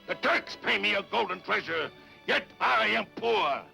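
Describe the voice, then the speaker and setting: A man's voice: high voice, lively intonation, a little slow, gravelly, bright, forceful tone, faint music behind, full character voice. An actor playing a proud, fierce desert warrior chieftain who declaims his deeds grandly. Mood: boastful.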